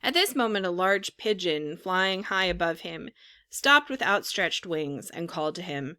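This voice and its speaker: A woman narrating a storybook in an expressive reading style. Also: fairly low pitch, moderate pace. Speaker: audiobook narrator. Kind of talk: scripted narration.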